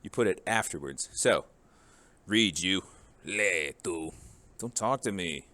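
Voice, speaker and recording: A man with a very low, deep voice runs a grammar lesson. His delivery is casual and joking, and he walks through forms one at a time. The tone stays relaxed and explanatory throughout. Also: slow pace. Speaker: Spanish teacher.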